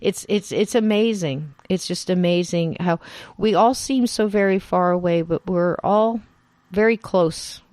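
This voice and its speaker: A woman podcast host from New Jersey, with a Jersey accent tinged with Southern, chatting warmly and laughing often in a remote interview. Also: fairly low pitch, measured pace, dry recording. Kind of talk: casual interview chat. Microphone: remote call.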